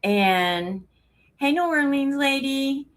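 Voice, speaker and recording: A woman's voice: sits high, expressive, slow pace. A woman talks casually on a home live stream, a little out of breath. She rambles from topic to topic and laughs often as she greets her viewers by name.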